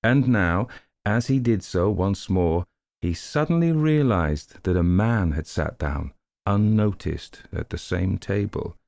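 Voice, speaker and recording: Deep, gravelly male audiobook narrator. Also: animated, slow, darkish tone, no room sound.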